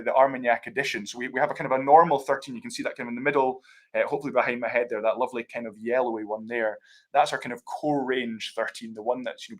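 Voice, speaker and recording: Scottish man, brand ambassador, chatty explainer, video call sound, fillers and asides. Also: mid-range voice. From Scotland. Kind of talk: live tasting talk.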